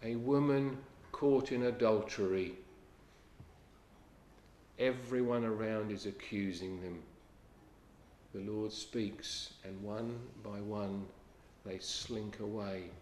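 A man preaching a sermon in an earnest manner. He quotes scripture in old-fashioned English and drops to a hush on key lines. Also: lowish voice, steady tone, slow pace, reverberant, slight background noise.

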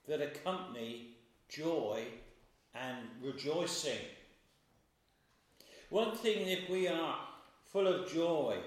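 A man preaching a sermon in a slow, measured way, stressing key words with emphasis. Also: a little high. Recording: very echoey room, voice from far off.

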